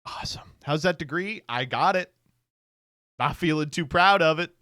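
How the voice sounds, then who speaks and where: A man's voice: a little high, moderate pace, sharp tone, dry recording, clean studio sound. A man streaming casual commentary, reacting to online posts with sarcastic remarks, frequent laughter and text read aloud.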